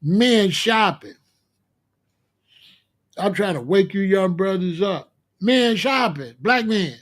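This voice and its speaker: High-voiced man on a profane comic rant. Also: expressive, slow. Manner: loud, profane, mocking; slangy streetwise talk. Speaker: commentary host. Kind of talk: comedic rant.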